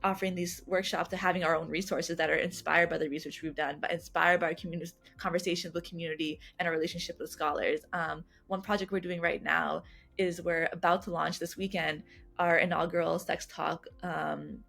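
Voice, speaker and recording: A woman guest answering interview questions in an earnest, fast way, restarting and repeating words often. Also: fairly low pitch, little pitch movement, creaky, a bit bright. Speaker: guest, youth engagement coordinator at a health nonprofit.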